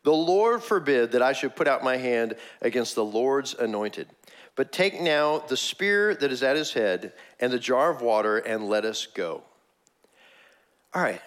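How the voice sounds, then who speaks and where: A man preaching a sermon, telling the story with animated energy and frequent laughs. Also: mid-range voice, normal speed. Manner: animated storytelling, laughs often, acts out quotes. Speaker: pastor.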